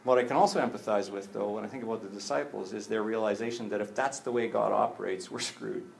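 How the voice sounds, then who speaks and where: A man preaching a conversational sermon, animated, with jokey asides and acted-out bits of dialogue. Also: fairly low pitch, fast talker, vocal fry, a little hiss or hum. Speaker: pastor.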